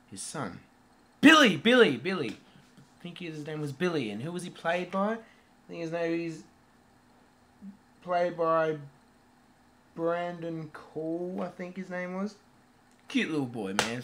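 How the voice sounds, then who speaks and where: A man giving a casual, rambling movie review, swearing freely and filling pauses with um and uh. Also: a little high, bright, forceful tone.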